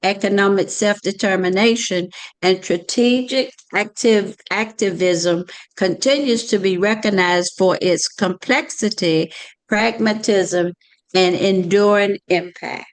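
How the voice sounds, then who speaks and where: Slow-reading woman. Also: medium pitch, rough recording. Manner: careful, with small slips and self-corrections. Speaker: class participant reading aloud. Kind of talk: reading a text aloud.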